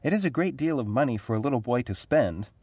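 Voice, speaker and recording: A gentle, anxious storybook mother, as a man puts her on and raises his pitch a little. She sounds softly worried, in a dry, close recording. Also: lively intonation, quick pace, husky, no echo.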